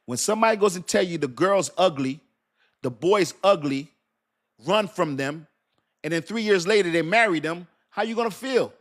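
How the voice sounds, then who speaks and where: A man giving animated, casual crypto commentary, laughing often and preaching with slang. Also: high voice, moderate pace. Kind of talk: casual talk to camera.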